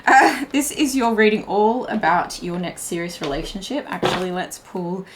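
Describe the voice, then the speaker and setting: This young woman does a pick-a-card tarot reading, chatting in a rambling way packed with "like" and false starts. Her voice sits at medium pitch and moves at a moderate pace, with a slight hiss or hum in the audio.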